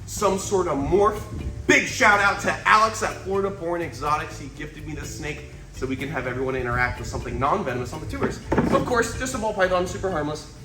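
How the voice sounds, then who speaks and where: An enthusiastic man hosting an animal vlog, breaking into high excited exclamations. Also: brisk, reverberant, background noise. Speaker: reptile keeper and show host.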